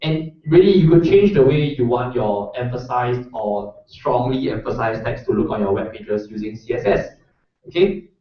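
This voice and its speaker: A man teaches a live coding workshop, talking in a loose, chatty way and often checking that his listeners follow. His voice rings through a very echoey room and sounds far from the mic. The recording is dull and lo-fi. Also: mid-range voice. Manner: casual, chatty, checks in with the audience. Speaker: workshop instructor. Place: lecture room. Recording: roomy echo, distant mic, dull lo-fi sound.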